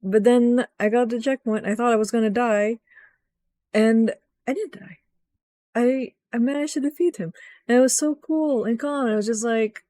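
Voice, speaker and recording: A young woman recapping a video game in a rambling, excitable rant, swearing often and jumping up in pitch when frustrated. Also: moderate pace, no room sound. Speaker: gaming vlogger.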